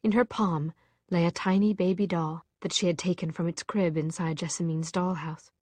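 A woman narrating a novel in a measured, expressive storytelling voice. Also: on the low side, no echo. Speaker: audiobook narrator. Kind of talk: scripted narration.

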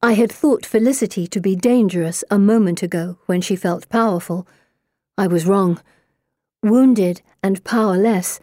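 A woman reading a first-person audiobook in a measured, even way. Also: medium pitch, no room sound, studio quality. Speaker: audiobook narrator. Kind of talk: scripted first-person narration.

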